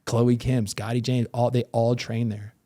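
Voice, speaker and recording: A man's voice: mid-range voice, little pitch movement, measured pace, warm tone. A man in his thirties, a former pro athlete, telling stories in a casual interview with many fillers and restarts. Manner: loose, rambling storytelling with many fillers.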